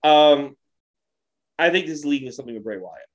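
Slightly high-voiced man, hesitant chat. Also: lively intonation, fairly quick, dull audio. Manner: hesitant, restarts sentences, casual swearing. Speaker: podcast co-host. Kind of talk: casual chat.

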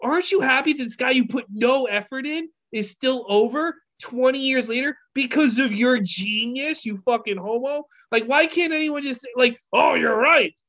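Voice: high voice, moderate pace, few pauses, fairly bright tone. Ranting podcast co-host. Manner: ranting, trailing off, many fillers like "like". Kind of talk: casual chat about wrestling.

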